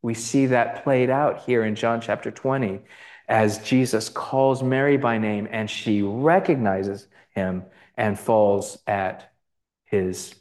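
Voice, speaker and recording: Low-ish, slow and somewhat dark in tone, this man's voice carries a casual lecture on gospel icons. The Bible teacher fills it with fillers, asides and restarts, often asking "right?" to check in.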